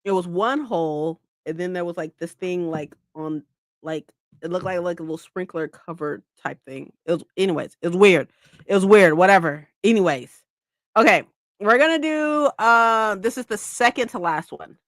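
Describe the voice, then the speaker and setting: Chatting casually with viewers in the live chat of her reading livestream, a woman laughs a lot and teases them. She speaks at normal speed in a lowish voice, and the sound is clean studio audio with no echo.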